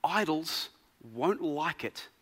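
A man preaching a sermon, swinging between loud emphasis and quiet gravity. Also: on the high side, expressive, slow pace, big-room sound.

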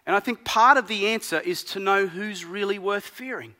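A man preaching a sermon, swinging between loud emphasis and quiet gravity. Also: sits high, moderate pace, in a large hall.

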